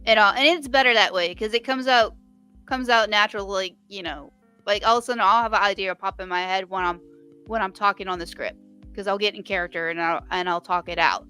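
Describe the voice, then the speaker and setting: Casual woman writer on a stream, rambly, bright sharp tone and smooth clear voice, faint music behind. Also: mid-range voice, brisk. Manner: chatty, rambling with restarts. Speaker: writer in a live writing stream. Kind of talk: casual chat.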